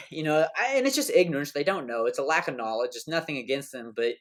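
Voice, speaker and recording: A man's voice: a little high, animated, fast, fairly bright tone. A man hosting a podcast in casual chat, rambling and slangy, with many fillers and restarts. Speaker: podcast host.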